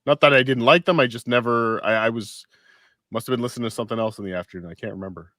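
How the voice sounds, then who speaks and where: A man co-hosting a casual podcast, reading posts aloud in a wry, deadpan way. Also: mid-range voice, very fast, no echo, studio quality. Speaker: podcast co-host.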